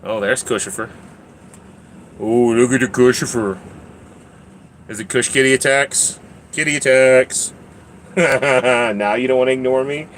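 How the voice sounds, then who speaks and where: A man's voice: medium pitch, steady tone, a little slow, pauses often, fairly bright tone, slight background noise. A man hosting a casual livestream, rambling, laughing often and talking to his cat. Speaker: livestream host.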